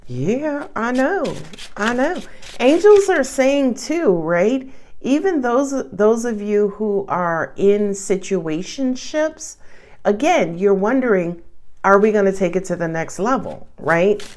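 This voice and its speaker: A woman with a New York accent reads tarot cards in a casual, animated way, full of slangy asides. Her voice sits at an ordinary middle pitch. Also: slow. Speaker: tarot reader. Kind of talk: casual tarot reading to camera.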